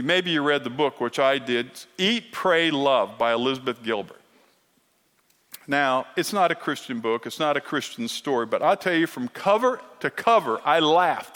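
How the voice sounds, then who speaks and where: A man preaching a sermon as pastor, emphatic and earnest, at times growing quiet and emotional. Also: fairly high pitch. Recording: long hall reverb.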